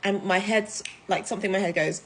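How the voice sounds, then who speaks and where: A woman from the UK, telling a story to camera in a chatty, animated way, full of fillers. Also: mid-range voice, quick pace. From United Kingdom. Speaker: vlogger. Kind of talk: casual storytime vlog.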